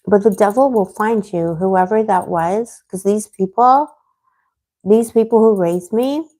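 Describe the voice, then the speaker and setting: A woman hosting a tarot live stream, talking in a loose, rambling way. She answers viewers by name and gets heated and outspoken as she vents. Her pitch sits in an ordinary middle range for a woman. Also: unhurried, mellow. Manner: rambling, getting heated and venting. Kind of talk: casual livestream chat answering viewers.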